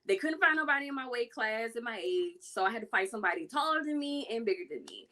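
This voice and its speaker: Woman telling a story, doing voices, bright and a bit high. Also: fast talker. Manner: animated, acts out quotes with big pitch jumps. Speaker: self-defense business owner, guest. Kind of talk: casual storytelling chat.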